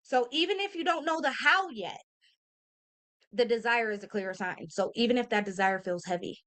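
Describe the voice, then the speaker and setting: A woman's voice: on the high side, animated, normal speed, fairly bright tone. Earnest woman in her thirties, motivational vlog. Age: 30s. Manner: earnest, emphatic, addresses listeners directly with "y'all" and "okay?"; casual speech with slang and fillers. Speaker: motivational vlogger. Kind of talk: heartfelt motivational talk to camera.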